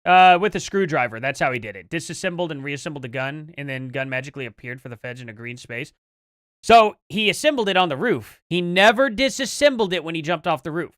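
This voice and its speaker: Combative streamer demanding proof, lively pitch. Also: brisk, no room sound, studio quality. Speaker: livestream host reacting to clips. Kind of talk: live reaction commentary.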